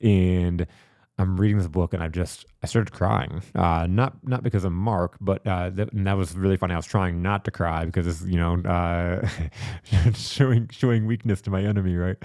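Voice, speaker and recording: Guy with a deep dark voice rambling thru a personal story on his podcast, dry studio sound. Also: fairly even intonation, normal speed, dry recording. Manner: rambling, repeats words, reflective. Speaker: podcast host.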